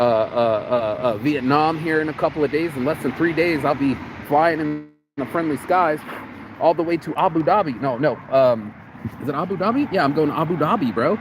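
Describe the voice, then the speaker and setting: Outside in the cold, a man from the United States vlogs in a casual, profane, rambling monologue full of restarts and repeated words. His voice is on the high side, and there's background noise.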